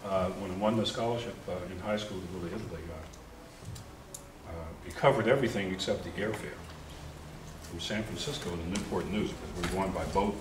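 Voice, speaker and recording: Older American man, guest speaker, low voice, joking storyteller; distant mic in a reverberant room. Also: brisk, background noise. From United States. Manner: lively, humorous anecdotes with chuckles and restarts. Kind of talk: storytelling talk at a forum. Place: lecture hall.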